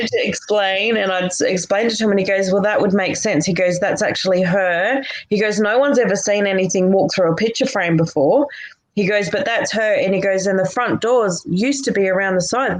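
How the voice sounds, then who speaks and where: A woman's voice: medium pitch, rough recording. A woman chatting casually as a guest, telling stories in a rambling way with restarts and laughter. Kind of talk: casual chat.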